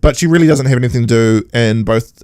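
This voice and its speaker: A man hosting a podcast in casual chat, animated and sarcastic, often mimicking characters. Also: medium pitch, quick pace, no echo, clean studio sound. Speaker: podcast host.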